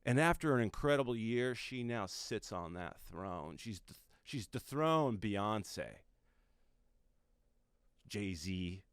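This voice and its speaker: A low-voiced male comedian delivering a mock-serious rant, his voice swinging widely between booming lines and near-mutters. The sound is close and dry. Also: animated, smooth, dry recording. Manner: mock-serious, dramatic pauses, drops to a mutter. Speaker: comedian host. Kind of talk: comedic monologue.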